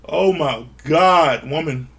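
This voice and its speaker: A man's voice: on the high side, slow, a bit bright, slightly rough. A man recapping a reality show in a casual, blunt and profane way, sounding exasperated. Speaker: show reviewer.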